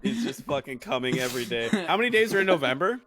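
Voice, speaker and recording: A man co-hosting a podcast in crude casual chat, blunt and profane with deadpan jokes. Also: mid-range voice, quick pace, a loud crowd. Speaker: podcast co-host.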